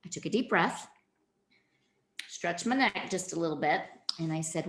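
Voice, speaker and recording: A woman's voice: lowish voice, animated, moderate pace, long pauses, fairly bright tone. A woman giving a keynote training presentation, speaking directly and animatedly to her audience. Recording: echoey room.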